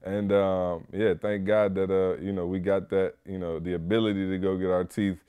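A young man hosting a podcast, chatting casually and telling animated stories, jumping to high-pitched voices when he imitates people. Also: normal speed, smooth. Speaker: podcast host. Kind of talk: casual chat.

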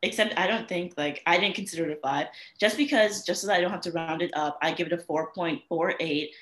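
A woman's voice: on the low side, brisk, fairly bright tone. Woman, young adult, casual chat, hedging, echoey room. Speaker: book club member.

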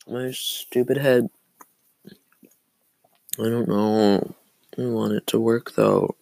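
A man's voice: on the low side, fairly even intonation, slow pace, long pauses, a little mellow, no room sound. A young man hosting a casual solo podcast, rambling and self-deprecating, his throat phlegmy from coughing. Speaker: podcast host.

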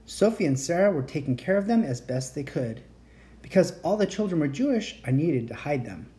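A woman reading as a calm, weary enchantress. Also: low voice, a little fast. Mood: calm, worried. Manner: calm, soft-spoken. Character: gentle, weary young enchantress caring for children.

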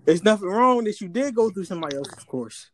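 A man's voice: high-pitched, expressive, a little fast, a little hiss or hum. A man co-hosting a casual podcast chat, making earnest points and acting out quoted people as he talks. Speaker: podcast co-host.

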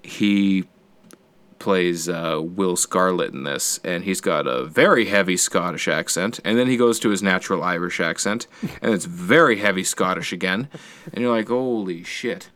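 A man's voice: deep voice, moderate pace. Rambling, swearing man telling stories. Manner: rambling, profane, animated storytelling with sound effects. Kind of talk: casual chat.

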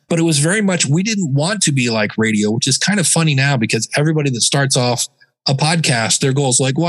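A man as a podcast guest, telling stories in a casual, animated way and sometimes mimicking other voices. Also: a little high, slightly rough. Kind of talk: casual interview talk.

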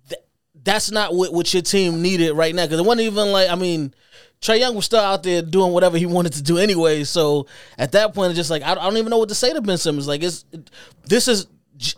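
High-voiced man co-hosting a podcast. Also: smooth, no echo, clean studio sound. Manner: rambling, full of restarts and fillers. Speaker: podcast co-host. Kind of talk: casual podcast chat.

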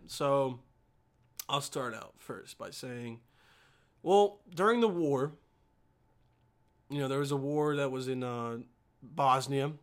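A man's voice: a little high, fairly bright tone. A man with an American accent, hosting a podcast in a rambling, profane casual monologue, often chuckling as he talks. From United States. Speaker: podcast host.

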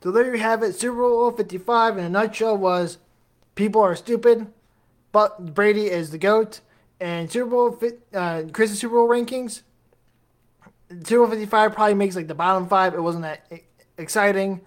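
A man's voice: high voice, normal speed. A man hosting a solo podcast episode, talking straight to his listeners in a rambling, jokey way full of self-deprecating asides. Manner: chatty, addresses listeners directly. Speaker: podcast host.

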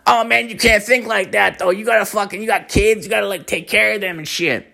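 A man's voice: sits high, steady tone, fairly quick, creaky, sharp tone, voice pushed up, heavily acted. A man putting on a laid-back coworker who talks in a drawling, swearing way. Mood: easygoing.

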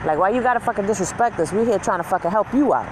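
Foul-mouthed vlogger rant, animated storytelling, mid-pitched voice, loud road hum behind, inside a car. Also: very fast. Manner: profane, animated storytelling with mocking quoted voices. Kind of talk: casual rant.

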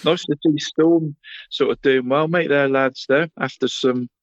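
A man's voice: on the high side, steady tone, a little slow, no room sound. A man running through local football results in casual radio chat, adding "mate" to nearly every phrase. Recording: slightly muffled, dry studio sound.

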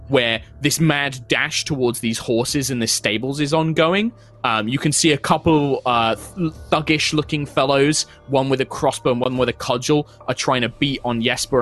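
A man's voice: medium pitch, a bit bright. A man, narrating a tabletop game as game master with flowing, descriptive speech full of small fillers.

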